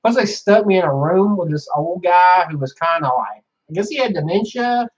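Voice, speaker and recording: A young man rambles through a casual monologue, swearing freely and padding his talk with fillers. His voice sits a little high, and the recording sounds dull and lo-fi. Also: lively intonation, normal speed. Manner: profane, rambling, frequent fillers. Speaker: vlogger.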